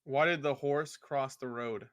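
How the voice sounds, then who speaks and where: A man's voice: medium pitch, a little slow, fairly bright tone. A man co-hosting a podcast, chatting casually and playfully telling jokes. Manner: playful, laughs at his own jokes. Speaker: podcast co-host.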